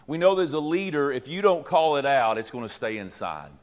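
A man's voice: mid-range voice, lively intonation, fairly quick. A middle-aged man, a pastor teaching leaders in a folksy, joking way with many fillers and restarts. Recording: long reverb from a hall.

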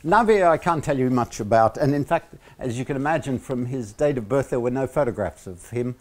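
An Australian man gives a university lecture at an ordinary middle pitch. He talks in halting stretches broken by "uh", then drops in dry, teasing jokes between the points of the lesson. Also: lively intonation. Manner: halting, many "uh" fillers, joking asides.

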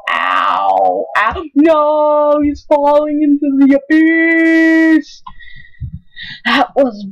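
An excitable woman talks through her gameplay in a high, bouncy voice that swoops up and down. She drawls her words slowly between sudden yelps at each mishap. The recording sounds dull and lo-fi. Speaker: gaming channel host. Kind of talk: let's play commentary.

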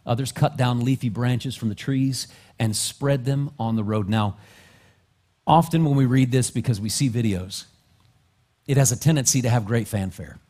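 A male pastor preaching a sermon, dropping to soft, low asides and then climbing into loud, rising exhortation. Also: normal speed. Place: church sanctuary.

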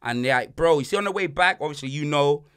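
Animated high bright bloke. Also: male voice, fast, clear, resonant tone. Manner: animated, slangy, swings loud and soft. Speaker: podcast host. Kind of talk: casual banter podcast.

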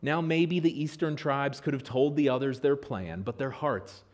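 An American man from Pennsylvania preaching a sermon as pastor in a church, telling stories in an animated way. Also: normal speed. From Pennsylvania, USA. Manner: animated storytelling with lively pitch swings. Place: church sanctuary.

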